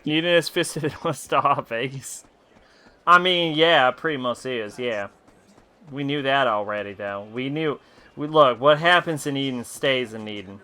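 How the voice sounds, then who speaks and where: Tipsy streamer in a put-on country drawl. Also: male voice, medium pitch, measured pace, bright, forceful tone, clean tone. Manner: puts on a southern country drawl, swears freely. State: tipsy from drinking. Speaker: game streamer. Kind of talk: casual live gameplay commentary, reading game dialogue aloud.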